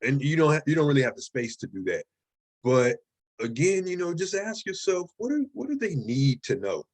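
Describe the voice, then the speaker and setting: A man's voice: on the high side, very animated, moderate pace, a little mellow. A man in the middle of a classroom lecture on writing, talking in a loose, conversational way. He repeats key questions and keeps checking in with his students, tossing in "right?" and "okay?" as he goes. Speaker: writing instructor.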